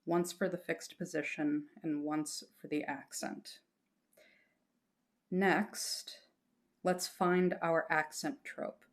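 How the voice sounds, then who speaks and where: A woman teaching a lesson patiently, explaining step by step and reassuring her students, breaking into short chanted examples. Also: on the low side.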